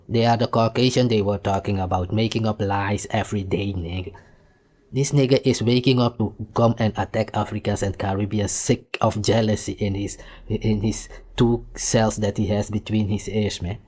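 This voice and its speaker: Mocking low-voiced man ranting. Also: a little mellow. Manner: mocking, insulting, argumentative. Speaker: commentary host reacting to clips. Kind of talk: heated reaction commentary.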